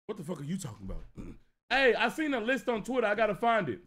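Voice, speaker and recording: A young man streaming live, ranting to his chat in a casual, profane, animated way. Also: high voice, quick pace.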